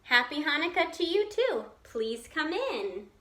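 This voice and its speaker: A woman's voice: high voice, very animated, a little slow, pushed and bright, echoey room, exaggerated voice. A woman voicing a kindly, chatty old grandmother with failing eyes, fussing over her guest in a storybook read-aloud. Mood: welcoming. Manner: cheerful, chatty, fussing hostess.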